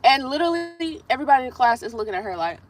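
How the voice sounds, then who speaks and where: A woman's voice: sits high, very animated, racing, slight background noise, rough recording. A woman hosting a nail livestream, chatting through a blunt, profane story in a casual storytelling way. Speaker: nail artist livestream host. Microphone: streaming setup while doing her nails.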